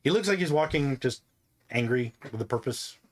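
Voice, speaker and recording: A man's voice: mid-range voice, animated, moderate pace. A man narrating as game master in a loose, rambling storytelling way.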